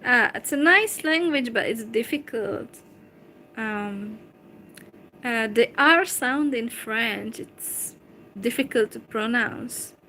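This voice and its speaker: A Hungarian woman talking to camera in English with a Hungarian accent, replying to a viewer slowly and hesitantly, with many fillers. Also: on the high side, sharp tone, a little hiss or hum, rough recording. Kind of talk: casual talk to camera.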